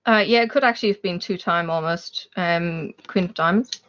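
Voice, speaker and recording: A woman's voice: fairly low pitch, moderate pace, a bit bright, highs cut off. Chatty Australian woman livestreaming. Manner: chatty, rambling, laughs often. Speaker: livestream host. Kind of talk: casual chat with live viewers.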